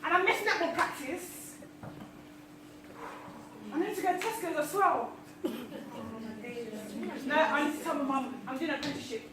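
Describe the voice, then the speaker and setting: A stressed young student rambles in a frantic rush, as a young woman acts her out. The voice is high. It is heard from far off in a booming, echoey hall, over loud crowd noise. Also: expressive, normal speed, long pauses. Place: live stage in a hall before an audience.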